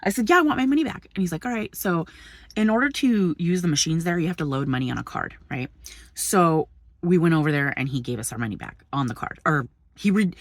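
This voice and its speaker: A young woman vlogger casually retelling an argument from the passenger seat of a parked truck, animated and indignant, swearing freely. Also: sits low, fairly quick, no room sound, studio quality. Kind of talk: casual storytelling vlog.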